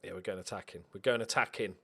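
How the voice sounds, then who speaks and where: A man hosting a football management game playthrough, commentating in an excitable, sarcastic, self-mocking way. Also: fairly low pitch, quick pace, gravelly, breathy edge. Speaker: let's play host. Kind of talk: gaming commentary.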